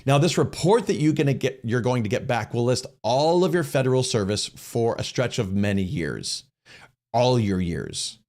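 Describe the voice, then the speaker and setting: A middle-aged man hosting a casual question-and-answer session, talking at a medium pitch for a man. He explains step by step in an easygoing, conversational way, often restarting his phrases. He slips into little voices to act out the dialogue he quotes. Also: lively intonation, moderate pace, a little mellow. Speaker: host answering viewer questions.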